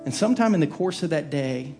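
A man preaching from the pulpit, earnest and heartfelt, his voice sitting a touch higher than most men's. He often drops into a hushed, soft tone. A faint instrumental bed plays quietly underneath. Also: animated, a little fast, gravelly, faint music behind. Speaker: pastor. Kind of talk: sermon with personal story.

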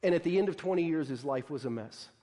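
A man delivering a sermon in a relaxed, chatty preaching style, with plenty of "like" and little acted-out quotes. His voice sits a touch high for a man. It rings out with a long reverb through a big hall. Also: fast. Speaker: pastor.

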